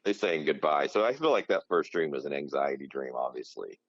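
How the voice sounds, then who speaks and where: A man with a very low voice co-hosting a casual podcast, who muses analytically with a teasing edge. The recording is dry and a little muffled, with a lo-fi quality. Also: animated, a little fast, husky, dry recording. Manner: thoughtful, analytical, gently teasing. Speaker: podcast co-host. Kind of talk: casual chat. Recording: slightly dull lo-fi sound.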